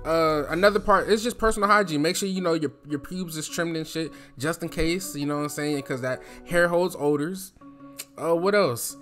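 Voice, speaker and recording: A man's voice: fairly high pitch, normal speed, fairly bright tone, faint music behind. A young man from New Jersey giving casual advice in a loose, slangy, chatty way, speaking from his throat.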